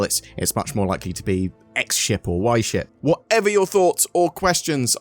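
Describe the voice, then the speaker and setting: Chatty gamer with music underneath. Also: male voice, on the low side. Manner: enthusiastic, rambling, with fillers. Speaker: gaming channel host. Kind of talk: casual gameplay commentary.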